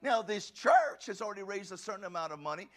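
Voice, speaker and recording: A man preaching a passionate sermon as a pastor, often shouting and stumbling over restarts. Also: sits high, expressive, fast talker.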